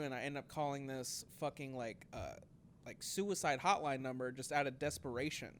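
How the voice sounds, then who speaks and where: A man's voice: medium pitch, normal speed, a bit bright, slight background noise. A young man telling a story in casual podcast chat, rambling with many fillers and acting out quotes. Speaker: podcast co-host.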